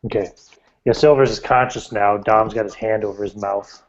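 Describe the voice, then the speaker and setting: Low-voiced man running a tabletop game. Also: steady tone, moderate pace. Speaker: game master. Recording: dull lo-fi recording.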